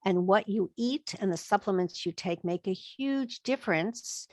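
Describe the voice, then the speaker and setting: A woman's voice: medium pitch, a little slow, no echo. Emphatic woman, dry close sound. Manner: emphatic, acts out quoted thoughts. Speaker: guest expert on chronic illness. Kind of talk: podcast interview.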